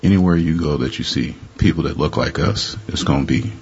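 A man, a musician guest, speaking slowly and reflectively in a radio interview. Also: a bass voice, a little mellow, lo-fi sound.

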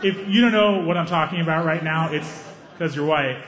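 A man performing a stand-up set on stage with a handheld mic, animated and acting out scenes, breaking into high excited yelps. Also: normal speed, noisy background. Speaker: stand-up comedian. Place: comedy stage before a live audience. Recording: roomy, slightly dull live recording.

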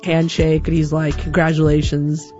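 Animated woman telling a comic story. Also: medium pitch, normal speed, dull audio, soft background music. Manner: animated, acts out voices. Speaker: comedian. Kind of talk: stand-up storytelling.

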